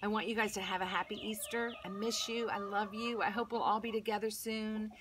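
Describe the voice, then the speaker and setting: A woman teaching Sunday school, telling a Bible story to young children in an expressive storytelling voice. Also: medium pitch, brisk, background noise.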